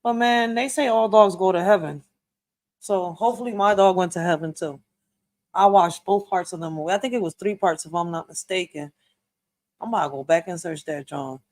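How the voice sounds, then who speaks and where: A woman's voice: lowish voice, brisk, darkish tone. A woman hosting a reaction video, chatting in a slangy, casual way straight to her viewers.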